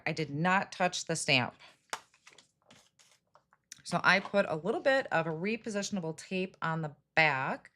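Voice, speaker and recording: A fairly low, slightly bright voice comes through over slight background noise. It belongs to a talkative middle-aged craft livestream host demonstrating card making casually, naming viewers as she greets them and laughing at her errors.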